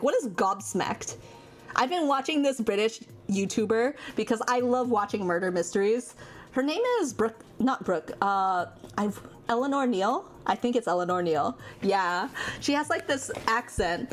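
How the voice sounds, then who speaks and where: Chatty high-voiced woman streamer. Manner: chatty, rambling, reacting to chat with laughs. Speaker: vtuber streamer. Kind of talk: casual chat while drawing.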